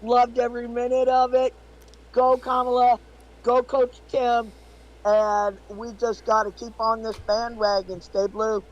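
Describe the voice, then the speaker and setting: Man, high voice, upbeat, cheering, swears freely, casual guest chat. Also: monotone, unhurried, dull audio. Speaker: call-in guest.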